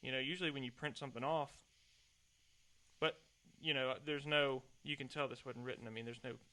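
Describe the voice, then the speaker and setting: Young man, podcast host, rambling casual chat, self-deprecating, bright tone, desk mic. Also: mid-range voice, steady tone, brisk.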